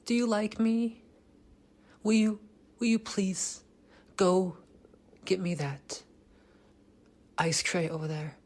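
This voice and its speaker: A man's voice: high-pitched, takes it slowly, pauses often, darkish tone, voice pushed up. A man voicing a needy, timid young man who pleads for small favors in a whiny tone.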